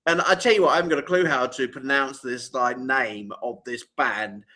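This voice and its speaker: A man's voice: mid-range voice, normal speed, bright, forceful tone. A man co-hosting a live music show, chatting playfully and bantering with his co-host.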